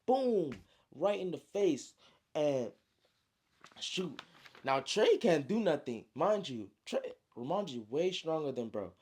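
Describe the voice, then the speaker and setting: A man's voice: a little high, very animated, slow, darkish tone, breathy edge. Slangy man telling a story. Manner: slangy, full of spoken sound effects. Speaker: storyteller, author. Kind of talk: casual storytelling.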